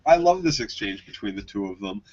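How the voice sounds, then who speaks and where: A man co-hosting a casual podcast, talking in a measured, thoughtful way. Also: lowish voice, animated, darkish tone. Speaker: podcast co-host. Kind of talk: casual chat. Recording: muffled lo-fi audio.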